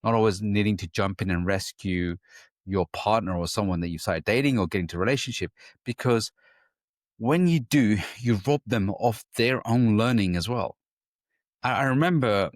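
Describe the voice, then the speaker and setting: A man's voice: fairly low pitch, no echo, studio quality. A man co-hosting a podcast, telling a personal story in casual chat and acting out his own inner voice. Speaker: podcast co-host.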